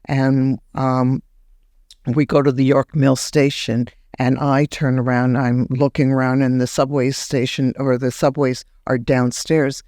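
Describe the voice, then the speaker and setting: Woman guest, animated storyteller, dry recording. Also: no echo. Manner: animated, acts out remembered words in a higher voice; halting restarts when recounting. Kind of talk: personal storytelling in a podcast interview.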